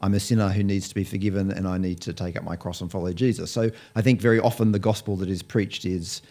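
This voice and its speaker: Male interview guest, lowish voice, thoughtful, explanatory, restarts a lot. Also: fairly even intonation, quick pace, warm tone. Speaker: Bible college lecturer, guest. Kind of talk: conversational interview.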